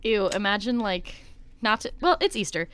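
A woman's voice: medium pitch, animated, normal speed, a bit bright, clean tone, dry recording. A woman co-hosting a podcast, chatting casually and expressively, with casual swearing. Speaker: podcast co-host. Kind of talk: casual chat.

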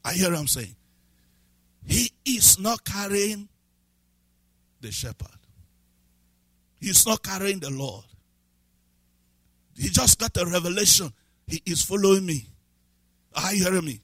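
A man preaching a sermon as a pastor, swinging from low asides to shouted, half-sung lines and repeated questions to the congregation. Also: lively intonation, a little slow, long pauses, husky, no echo. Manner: breaks into speaking in tongues.

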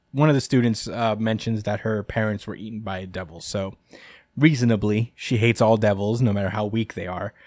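This podcast host has a fairly low-pitched voice, recorded in studio quality with no echo. He rambles casually through a chapter recap, laughing often and saying um a lot.

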